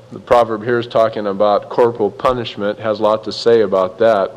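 A man's voice: on the low side, long reverb tail, a little hiss or hum, rough recording. A man preaching a sermon in a conversational, folksy way, acting out little quotes as he goes. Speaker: pastor.

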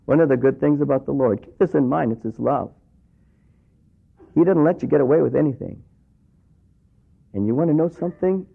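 A man's voice: medium pitch, fairly quick, creaky, pauses often, slightly rough. Preaching man on a tinny radio broadcast. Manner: conversational preaching, acts out quoted voices. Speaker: pastor. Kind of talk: sermon.

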